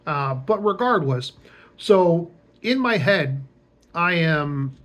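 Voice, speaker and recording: Slow-talking young man, rambling story. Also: a little high, animated, fairly bright tone. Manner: rambling, lots of fillers and restarts; wry, sarcastic asides. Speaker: vlogger. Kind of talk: casual storytelling.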